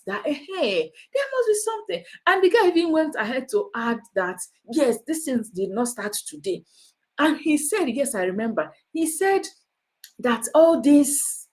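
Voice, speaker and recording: Woman, vlogger, animated, exclamatory, rambling, fairly high pitch. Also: low-quality recording. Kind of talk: casual commentary vlog.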